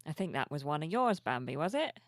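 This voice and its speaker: A sleepy woman streamer chatting softly and cheerfully with her viewers at home, reading their messages aloud. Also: deep voice, sing-song, brisk, dry recording, clean studio sound. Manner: soft-spoken, cheerful, reads chat aloud. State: sleepy, yawning. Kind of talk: casual live-stream chat. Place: home room with plushies.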